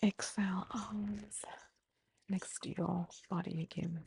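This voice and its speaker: An Australian woman teaching mindfulness, calmly guiding slow breathing and gentle movement. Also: mid-range voice, creaky, a little hiss or hum. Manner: calm, slow, gently instructive. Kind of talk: guided movement and breathing instruction.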